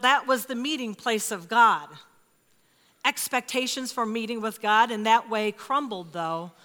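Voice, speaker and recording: A woman in her fifties preaching a sermon in a church, expressive and emphatic, sometimes dropping to a hush. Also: fairly high pitch. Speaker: pastor. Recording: reverberant church hall.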